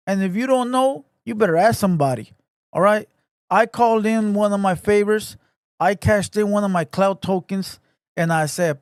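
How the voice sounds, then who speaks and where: A man hosts a casual livestream podcast in rough, profane street slang, hyping up his crew with shout-outs. His voice sits high for a man. The sound is close and dry, with no room around it. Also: moderate pace, dry recording. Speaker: podcast host.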